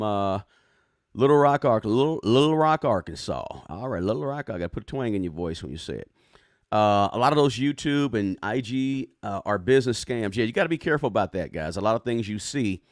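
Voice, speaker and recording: Man, live-stream host, casual comment-reading chat, lowish voice, dry recording. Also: dry recording. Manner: casual, keeps asking "right?", reads viewer comments aloud. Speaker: personal finance livestream host.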